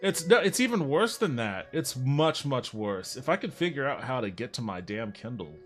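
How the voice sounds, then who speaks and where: A man co-hosting a relaxed podcast, trading wry remarks and chuckling as he reads aloud. His voice sits at an ordinary middle pitch. Faint music runs underneath. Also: moderate pace. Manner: wry, laughs while reading aloud. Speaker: podcast co-host. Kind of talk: casual chat.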